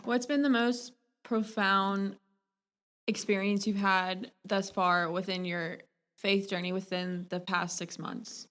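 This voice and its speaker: A woman's voice: mid-range voice, little pitch movement, takes it slowly, a bit bright. Chatty young woman podcast host. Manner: casual, chatty, trails off mid-question. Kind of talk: interview chat.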